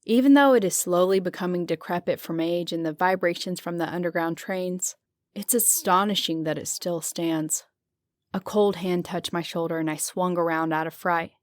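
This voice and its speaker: A woman narrating a horror audiobook in the first person, measured and descriptive. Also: lowish voice, no room sound, clean studio sound. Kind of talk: scripted narration.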